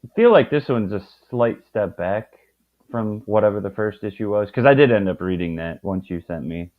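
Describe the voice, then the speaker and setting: A man's voice: lowish voice, normal speed. A man guesting on a casual comic review chat, rambling and stumbling over his words. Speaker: guest co-host. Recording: tinny phone-like call audio.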